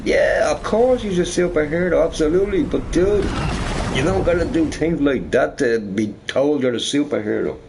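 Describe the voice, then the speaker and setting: A man's voice: fairly high pitch, animated, normal speed, vocal fry. A man streaming a game, chatting casually in a rambling way, often tagging on "right?" and swearing. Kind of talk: casual chat while gaming. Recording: noisy recording with game sound behind.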